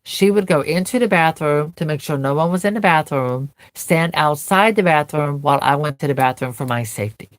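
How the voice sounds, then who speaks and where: A woman's voice: sits low, a little fast, hardly any pauses, dry recording. A woman vlogger earnestly recounting a painful memory, telling it in vivid present tense. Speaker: doll collector vlogger. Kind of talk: personal storytelling to camera.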